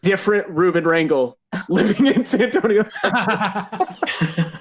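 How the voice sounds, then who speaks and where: A man from Michigan hosting a podcast, telling stories in a relaxed, laughing way. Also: high-pitched, a little slow, slight background noise. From Grand Rapids, Michigan. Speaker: podcast host. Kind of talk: casual chat. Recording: slightly dull lo-fi sound.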